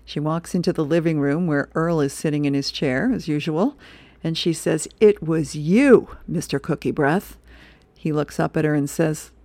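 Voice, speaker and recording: A woman volunteer reader for a radio reading service, reading comics and history aloud in a steady, clear way. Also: low voice, moderate pace, no echo. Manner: steady, clear read-aloud with occasional laughs.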